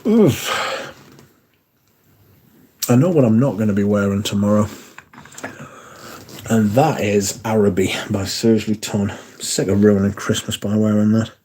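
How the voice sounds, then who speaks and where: A man's voice: lowish voice, unhurried, pauses often, dark tone, a little hiss or hum. A man hosting a casual livestream, chatting with viewers and swearing freely, his voice worn down by a sore throat. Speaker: livestream host.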